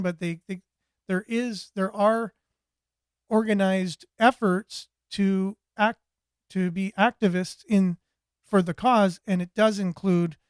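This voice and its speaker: A man's voice: high-pitched, no echo, clean studio sound. A man hosting a talk show, rambling in casual commentary and reading out viewer comments, often repeating words and restarting. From Canada.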